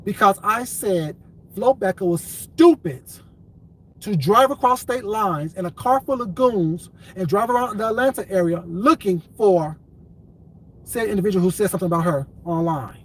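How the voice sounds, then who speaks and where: A man's voice: high-pitched, moderate pace, poor audio. A man delivering a profane, confrontational commentary rant, repeating his points again and again. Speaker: commentary vlogger. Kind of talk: ranting commentary vlog.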